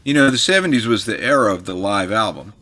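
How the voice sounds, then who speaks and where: Bright-voiced man telling a story. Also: fairly low pitch, fast. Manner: animated storyteller who acts out the people he quotes. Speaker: guitar magazine editor and guest. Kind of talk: casual storytelling chat.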